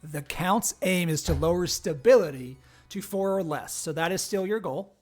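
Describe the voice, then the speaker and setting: A man's voice: high voice, normal speed, soft background music. A man hosting a live-streamed role-play game, reading out the story and joking with the players. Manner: upbeat, jokey, laughs often. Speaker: game host and narrator.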